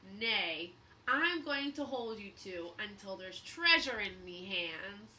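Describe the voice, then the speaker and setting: A woman reading aloud, voicing a greedy, bossy male pirate captain who shouts and growls his lines. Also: mid-range voice, animated, slow, a little hiss or hum, exaggerated voice. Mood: gruff, bossy. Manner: shouted, gruff.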